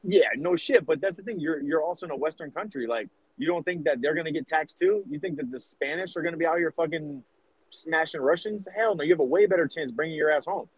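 An American man in his thirties co-hosts a casual podcast debate, rambling and cursing as he emphatically argues his point. His voice is fairly high and husky, and he talks fast. The audio is poor but has no echo.

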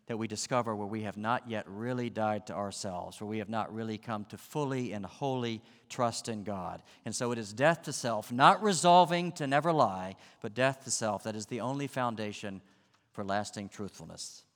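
A man's voice: on the low side, moderate pace, long reverb tail. A man preaching a sermon as a pastor, acting out the voices in the story with drama.

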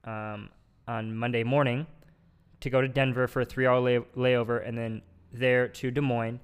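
A man's voice: medium pitch, level tone, moderate pace, smooth. A young man, a podcast host, telling a long story casually with lots of filler words.

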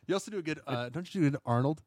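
A man co-hosting a casual podcast, relaxed and rambling, often filling with "like". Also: a little high, very fast, no echo, studio quality. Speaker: podcast co-host. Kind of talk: casual chat.

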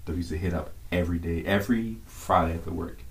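A man's voice: low voice, quick pace. A man co-hosting a podcast in casual chat, asking questions and joking around with playful voices. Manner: joking, asks questions, does mock customer-service voices. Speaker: podcast co-host.

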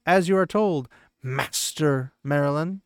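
A man's voice: on the high side, a little slow, no room sound, clean studio sound. A man voicing a stern, proud young woman who gives curt commands.

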